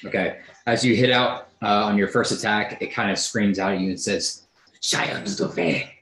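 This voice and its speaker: A man's voice: lowish voice, moderate pace. A man running a tabletop role-playing game as game master, talking in a loose, casual way with lots of fillers. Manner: relaxed, casual, with many fillers. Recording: roomy echo.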